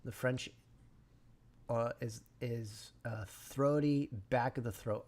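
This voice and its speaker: A man streaming a language study session, thinking aloud and slowly repeating syllables to practice pronunciation, sometimes dropping to a whisper. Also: medium pitch, fairly even intonation, a little mellow. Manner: slow, repeats sounds and syllables, drops to a whisper at times.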